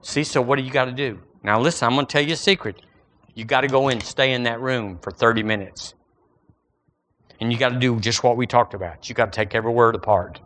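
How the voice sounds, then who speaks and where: A man preaching a sermon in a folksy, animated way, full of everyday analogies. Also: mid-range voice, quick pace.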